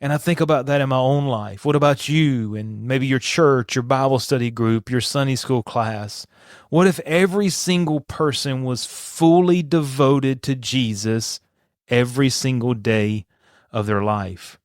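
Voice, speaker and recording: A man's voice: medium pitch, steady tone, unhurried, no room sound. A man teaches scripture on his own podcast in a mid-range voice, earnest and emphatic. He often turns to the listener with rhetorical questions. The sound is dry and close, with no room around it. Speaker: podcast host and Bible teacher.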